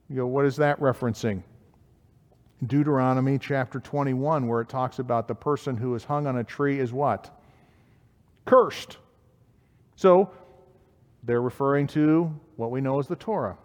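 A man's voice: fairly high pitch, unhurried, pauses often, darkish tone. Preaching man with echoey hall sound. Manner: reads scripture aloud in King James wording, asks questions of listeners. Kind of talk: sermon.

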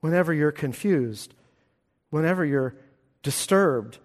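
A man preaching a sermon as pastor, emphatic, swinging between hushed lines and loud, ringing ones. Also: fairly high pitch, expressive, unhurried. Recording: long hall reverb.

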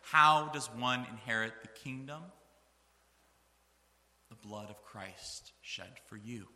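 A man's voice: mid-range voice, unhurried, pushed and bright, echoey room, in a large hall. A man preaching a sermon, reading scripture aloud with earnest, rising emphasis.

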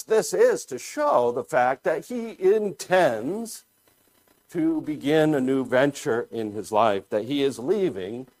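Slow, lively-pitched male preacher. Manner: deliberate, thoughtful, often pauses and restarts. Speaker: pastor. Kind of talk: sermon.

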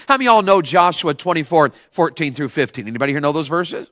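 Lively man preaching to teens. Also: a little high, fast, hardly any pauses, no echo, clean studio sound. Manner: animated, call-and-response, prods listeners to answer aloud. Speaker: youth preacher. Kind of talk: sermon to children and teens.

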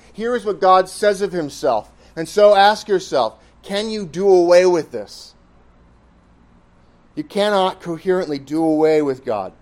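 Male preacher, somewhat higher voice, emphatic teaching sermon delivery. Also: a little mellow. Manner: emphatic, reasoning step by step.

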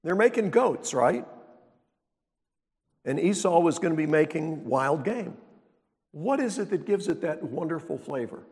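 Slow-speaking pastor in a reverberant hall. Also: male voice, fairly high pitch, very animated, darkish tone. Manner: conversational teaching with rhetorical questions to the congregation. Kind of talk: sermon. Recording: long reverb of a large hall.

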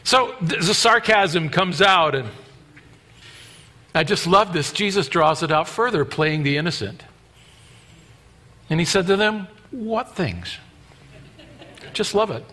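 A man preaching a sermon in an animated way, acting out the voices of the people in the passage. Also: sits high. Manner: animated, acts out scripture voices. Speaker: pastor.

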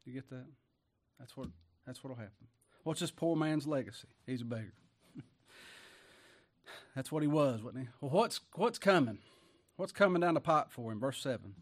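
A man preaching a folksy sermon, swinging between loud declaiming and hushed asides, chuckling often and talking in plain homespun speech. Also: medium pitch, lively intonation, moderate pace, long pauses.

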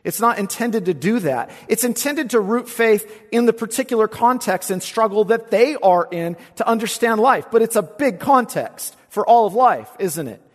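A pastor preaching an expository sermon in a church, swinging between emphatic lines and hushed asides and asking rhetorical questions. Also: male voice, sits high, expressive, normal speed, few pauses, in a large hall. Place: church sanctuary.

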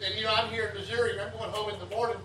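A man preaching at a tent revival in a high, bright voice, folksy and repetitive, calling on the crowd to say lines back to him. The sound is echoey and picked up from a distance, with faint ambient noise behind it. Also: steady tone, racing. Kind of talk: revival sermon.

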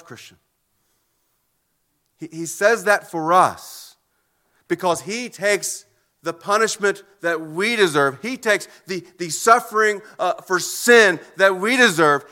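An earnest male pastor preaching from the pulpit, his voice high-pitched and bright with a tense edge. He often stumbles and repeats words as he presses his points. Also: slow. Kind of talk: sermon.

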